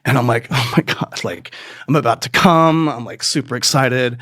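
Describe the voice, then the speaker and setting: Man, comic storyteller, rambling and profane, medium pitch, dry close sound. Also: moderate pace, fairly bright tone, no echo. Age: adult. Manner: profane, rambling, jumps into high squeaky voices for quoted people. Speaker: comedy podcast host.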